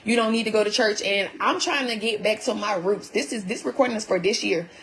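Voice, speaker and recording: A woman's voice: mid-range voice, a little fast, fairly bright tone, rough recording. A woman venting to her viewers on a live stream, emphatic and full of repeated rhetorical questions.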